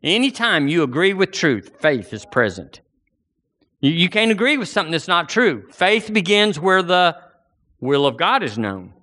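A preacher man delivers a fervent sermon. His voice sits a bit high with lively, swooping pitch and a bright, forceful tone. He hammers his points and pushes up toward near-shouts. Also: normal speed. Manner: impassioned, emphatic, rising to near-shouts.

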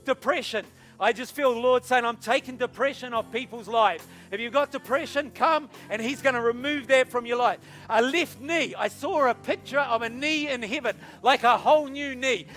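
A man, a pastor, leading an altar call and prayer in a church service, hushed at times and urging at others. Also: very high voice, normal speed, faint music behind. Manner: soft and hushed while praying, rising to loud urging. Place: church service with music behind.

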